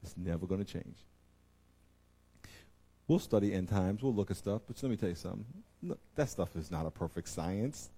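A man preaching a sermon to his congregation, with emphatic delivery that swings from loud exclamations to quiet intensity and repeatedly addresses the audience directly. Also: sits low, animated, normal speed, pauses often, slightly rough. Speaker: pastor.

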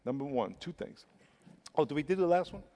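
A male pastor preaching a sermon with emphatic, drawn-out stresses and repeated words. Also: on the high side, animated, warm tone. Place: church sanctuary. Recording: long reverb of a large hall.

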